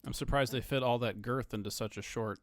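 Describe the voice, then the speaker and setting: A man's voice: mid-range voice, fairly even intonation, brisk, no room sound. A man co-hosting a podcast in casual chat, teasing the others with crude jokes. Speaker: podcast co-host.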